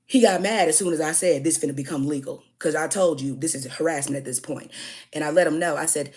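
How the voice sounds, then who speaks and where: A woman's voice: low-pitched, a little mellow. A young woman telling a heated storytime rant about a customer. She swears freely and keeps punching lines with "okay?". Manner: emphatic, profane, keeps tagging "okay?". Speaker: food business owner.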